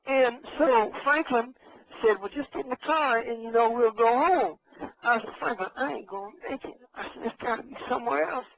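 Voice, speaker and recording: A man's voice: very high-pitched, moderate pace, gravelly, no room sound. A man with a Los Angeles accent telling a rambling comic story as a regular caller, losing his train of thought. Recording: dull radio broadcast audio.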